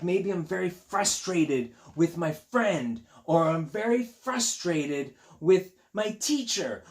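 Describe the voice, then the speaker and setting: A male teacher reading a picture book aloud to children, gentle and chatty, repeating himself as he talks straight to the kids. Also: high-pitched. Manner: gentle, chatty and repetitive, talking directly to young kids.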